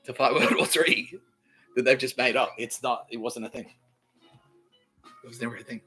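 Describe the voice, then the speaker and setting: A man's voice: medium pitch, flat delivery, normal speed, sharp tone, soft background music, rough recording. A man from Australia, hosting a podcast, telling a rambling story in a casual, profane way, laughing often and acting out the people he quotes. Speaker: podcast host.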